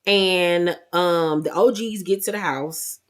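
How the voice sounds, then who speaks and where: Woman host, sassy and blunt, low-ish voice, casual show-recap commentary. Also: slow.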